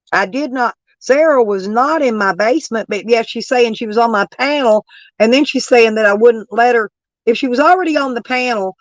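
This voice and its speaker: Worn down by allergies, a brash, foul-mouthed woman argues with her livestream chat as she reads it aloud in a casual rant, her voice lowered and roughened. It's still a little high, with no room sound but a rough recording.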